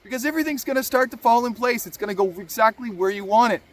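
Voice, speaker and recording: A man's voice: high voice, fairly even intonation, fast talker, a bit bright. A man hosting a motivational talk, earnest and encouraging, repeating key phrases for emphasis. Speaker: podcast host.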